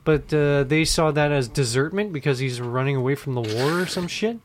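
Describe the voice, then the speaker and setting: A man's voice: fairly high pitch, normal speed, slight background noise. A man chatting on a comedy podcast, with a voice that sits a little above the usual for men. He rambles through stories, stacks up fillers and keeps breaking into laughter. His jokes are crude and loose. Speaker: podcast co-host. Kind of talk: casual comedy chat.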